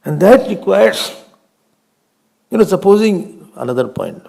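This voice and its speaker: Speaking as a swami, this older man with an Indian accent delivers a slow spiritual talk in a high, very animated and warm voice with vocal fry. Storytelling, questions and frequent laughter fill his discourse.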